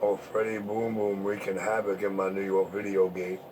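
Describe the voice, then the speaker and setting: A man's voice: fairly low pitch, monotone, normal speed, darkish tone, slight background noise. A man talking over CB radio, repeating call signs and pressing his points emphatically. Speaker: CB radio talker.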